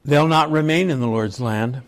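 A man teaching a Bible study, retelling scripture stories in a slow, reflective way and reading passages aloud. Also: mid-range voice. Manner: slow, reflective storytelling with chuckles.

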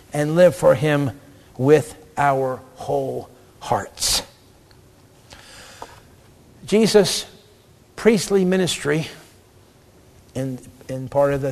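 Emphatic, lively male preacher in a hall. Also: on the high side, vocal fry. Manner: emphatic, lively, acts out quotes. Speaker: preacher and theologian. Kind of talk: sermon. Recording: long reverb of a hall.

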